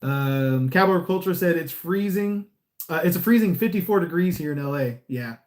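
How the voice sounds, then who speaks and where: Man from california, casual live-stream chat, smiley and rambling, a bit high-pitched. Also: expressive, moderate pace. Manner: smiley, easygoing, rambling with restarts. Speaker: repo agent and YouTuber.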